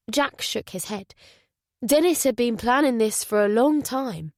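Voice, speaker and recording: A woman narrating a thriller audiobook in a steady, even delivery. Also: on the high side, measured pace, no echo, studio quality. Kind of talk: scripted narration.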